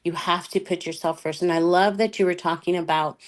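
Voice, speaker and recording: A woman with a slightly low voice speaks as a guest on a panel. She gives earnest, encouraging advice. She keeps stringing her thoughts together with "you know". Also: fairly even intonation, brisk. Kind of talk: motivational panel talk.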